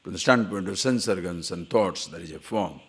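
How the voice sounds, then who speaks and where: In a low, slightly rough voice that's a bit bright, a man teaching spirituality gives a moderately paced discourse. He shares stories punctuated by chuckles and asks his listeners questions.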